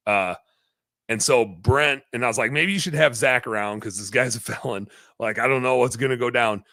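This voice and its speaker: A man hosting a podcast, telling a long story in a rambling, animated way, full of fillers. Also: mid-range voice, moderate pace, no room sound. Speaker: podcast host, business owner.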